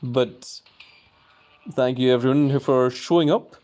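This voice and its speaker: A man's voice: medium pitch, fairly even intonation, a little slow, warm tone. A male live streamer reading viewer comments aloud and reacting with playful bafflement, jokingly formal and referring to himself in the third person. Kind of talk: casual live-stream chat.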